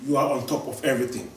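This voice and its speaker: A male preacher giving a sermon, repeating his key lines for emphasis and often restarting his sentences. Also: mid-range voice. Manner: repetitive, emphatic, many restarts. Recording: echoey room, voice from far off.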